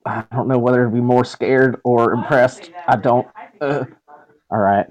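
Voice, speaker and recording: A man's voice: medium pitch, steady tone, a little slow, darkish tone, lo-fi sound. A male player at a tabletop game with a mid-range voice. He talks casually and jokes about what his character does.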